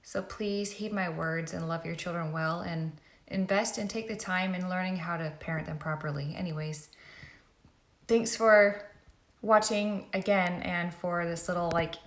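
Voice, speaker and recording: A woman's voice: on the low side, moderate pace. Earnest, emotional woman in an echoey room. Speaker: YouTuber. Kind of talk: emotional commentary vlog.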